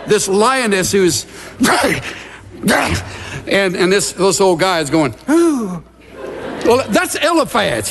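A middle-aged male pastor with a high voice gives a conversational sermon, telling stories and acting out little scenes with gasps and asides. The recording is noisy and has the long reverb of a large hall.

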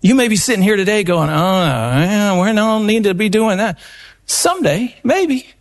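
A man giving a live event talk, telling stories in an earnest, animated way. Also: sits high, moderate pace. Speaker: seminar speaker. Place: live event before an audience.

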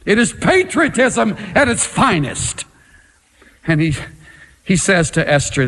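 Slow, lively-pitched preacher in a hall. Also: male voice. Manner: dramatic, emphatic preaching with slow pauses. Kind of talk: sermon.

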